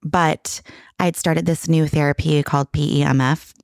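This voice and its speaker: A woman's voice: low voice, fairly even intonation, normal speed, gravelly, no room sound, studio quality. A middle-aged woman telling a candid personal story in casual conversation, emotional and full of restarts. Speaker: guest.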